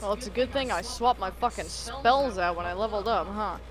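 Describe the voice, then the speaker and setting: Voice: medium pitch, brisk. A player in a casual tabletop game, talking in a brash, profane and eager way.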